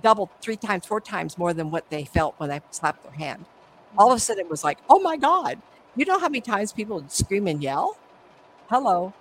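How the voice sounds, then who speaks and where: A woman's voice: on the low side, expressive, normal speed, a little hiss or hum, rough recording. A middle-aged woman, a psychic medium, telling stories animatedly in an interview and acting out the voices. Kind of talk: conversational interview storytelling.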